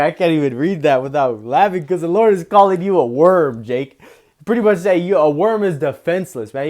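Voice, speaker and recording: A male preacher who reads scripture slowly and solemnly, then explains it in loose, casual talk full of "you know" and "man.". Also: fairly high pitch, a little mellow. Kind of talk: scripture reading with commentary.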